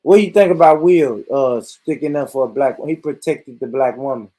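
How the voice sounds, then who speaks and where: Speaking a little fast at medium pitch, a man hosts his vlog with a profane comedic rant. He stays animated, swears a lot, and keeps breaking into laughter.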